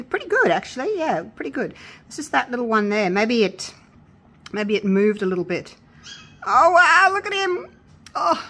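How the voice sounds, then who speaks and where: Excitable chatty woman crafter. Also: on the high side. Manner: chatty and excitable, gushes with delight. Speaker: craft vlogger. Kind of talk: casual crafting tutorial chat.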